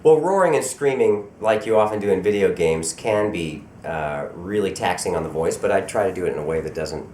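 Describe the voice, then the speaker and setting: A middle-aged man from Colorado, a voice actor talking in a relaxed, self-deprecating way during a convention interview. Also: low-pitched, a little fast, hardly any pauses. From Colorado, USA. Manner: relaxed, self-deprecating, repeats words when starting thoughts. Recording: echoey convention room with faint background noise.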